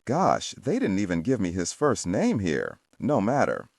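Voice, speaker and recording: A gruff, bossy police captain, acted by a man narrating an audiobook, pushes his orders hard and keeps asking if you follow. His voice sits low but swings widely. The sound is dry and close. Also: huge pitch swings, measured pace, a little mellow, no room sound, full character voice. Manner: blunt, pushy, rhetorical questions.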